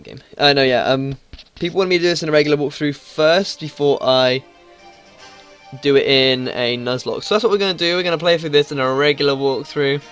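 A man recording casual let's-play commentary as a gaming YouTuber. He is excitable and swears freely. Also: medium pitch.

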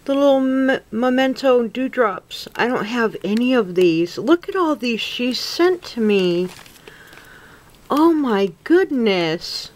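Slow, gushing woman crafter unboxing gifts. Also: a little high, expressive, darkish tone. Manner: slow, gushing, gasping and near tears with gratitude. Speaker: crafting vlogger opening a gift package. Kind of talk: casual unboxing chat to camera.

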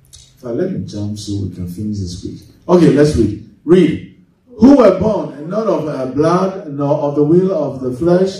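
A man's voice: medium pitch, warm tone. A man preaching a sermon as pastor, reading scripture and asking the congregation leading questions for them to answer. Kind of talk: sermon with call-and-response Bible reading. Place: church hall. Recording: very echoey hall, mic far off.

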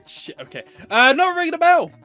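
A man's voice: very high-pitched, sing-song, fairly quick, sharp tone, faint music behind. A man playing a game, reading the dialogue aloud in different voices, swearing and joking between lines. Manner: swears and laughs often, jokey asides. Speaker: let's play gamer.

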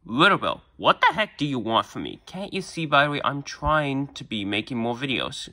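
A man's voice: medium pitch, sing-song, normal speed, sharp tone. A man voicing a young girl YouTuber who whines and pleads, barely shifting his own voice. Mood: upset.

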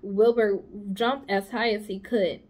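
A woman's voice: mid-range voice, steady tone, measured pace, darkish tone. A woman from the United States, a school psychologist, reading a children's novel aloud expressively, with small slips and restarts. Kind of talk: children's book read-aloud.

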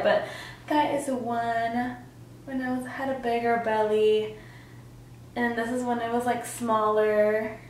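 A woman's voice: on the high side, very echoey, distant mic, poor audio. A young woman vlogger telling her personal story in a chatty way, with lots of fillers and acted-out quotes. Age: young adult.

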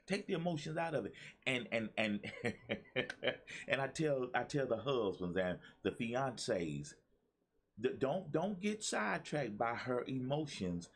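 A male pastor and motivational speaker gives a preachy talk to his viewers, repeating himself and calling out to the audience. His mid-range voice is husky and expressive, and he speaks a little slowly.

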